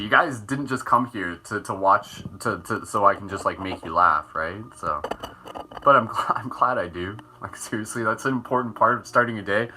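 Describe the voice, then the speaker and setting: A man's voice: on the low side, sharp tone. A man hosting a live morning meditation stream, guiding face exercises in a playful, upbeat way and laughing often. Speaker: host.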